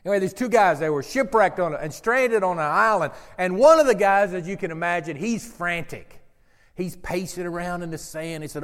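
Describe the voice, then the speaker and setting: A man preaching a sermon to a congregation, telling jokes and stories in an animated way, drawing out words and raising his voice for emphasis. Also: high-pitched, moderate pace, long pauses. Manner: animated storyteller, gets loud and drawn out for emphasis. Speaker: pastor. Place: church sanctuary with congregation. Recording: long hall reverb.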